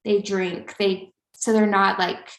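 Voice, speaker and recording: A woman's voice: mid-range voice, little pitch movement, slow pace. Rambling young woman in an echoey room. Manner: rambling, filler-heavy storytelling. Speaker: podcast co-host. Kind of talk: casual chat. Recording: roomy echo.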